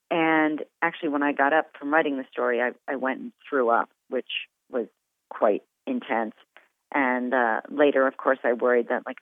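A woman author talks candidly about how she wrote a story, her speech lively and full of restarts, then reads her own fiction aloud. Her voice comes through a thin, tinny phone-like line. The sound is dry, with no room sound around it. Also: rumbling low, a little fast, no room sound. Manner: frank and animated, with filler words and restarts. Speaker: author guest.

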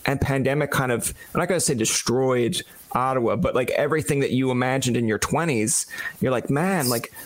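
A man's voice: medium pitch, brisk. A young man from Newfoundland hosting a podcast, chatting casually and acting out the conversations he retells. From Newfoundland, Canada. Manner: storytelling, acts out quoted exchanges. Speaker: podcast host.

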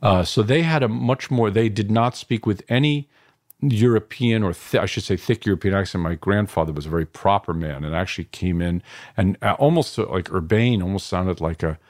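A man from New York in his fifties, a filmmaker reflecting on his family in an interview, halting and restarting often. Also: lowish voice, a little mellow, no echo, clean studio sound. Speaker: filmmaker guest. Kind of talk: interview answers.

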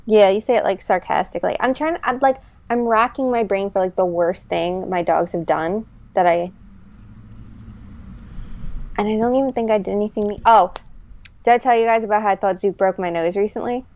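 A woman in casual podcast chat, telling stories in an animated, chatty way with many fillers. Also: medium pitch, fairly quick.

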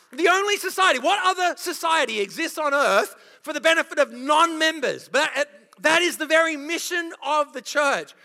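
A male pastor preaching a passionate sermon with a very high, bright voice that has a gravelly edge. He fires off rhetorical questions. The long reverb of a church auditorium trails behind him. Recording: long reverb of a large hall.

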